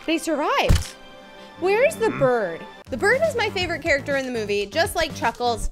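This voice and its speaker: A woman hosting a reaction video, exclaiming, gasping and giving ratings as she reacts to clips. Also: very high voice. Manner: exclamatory, gasping, easily moved. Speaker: video host. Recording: loud clip music playing under the voice.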